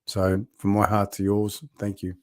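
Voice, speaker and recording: Heartfelt man, low dry voice. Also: completely flat delivery, measured pace, dry recording. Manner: heartfelt, rambling, laughs often, addresses viewers by name. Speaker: vlogger and builders' coach. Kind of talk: casual live video diary.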